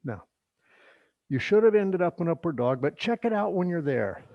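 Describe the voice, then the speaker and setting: A middle-aged man leading a yoga workshop, giving instructions in a relaxed, chatty way with joking asides. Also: a little high, moderate pace, dry recording, dull audio. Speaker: yoga teacher.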